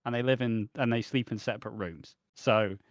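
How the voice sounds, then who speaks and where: A man's voice: on the low side, normal speed, dry recording, studio quality. A man co-hosting a casual podcast chat, emphatic and swearing often. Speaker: co-host.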